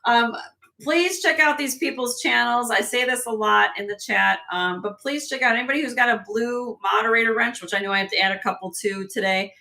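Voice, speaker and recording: A woman hosts a live jewelry sale, chatting casually and laughing often. Her voice sits a little high and rings sharply bright, with a slight hoarseness from losing her voice. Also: brisk, few pauses. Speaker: host and jewelry seller.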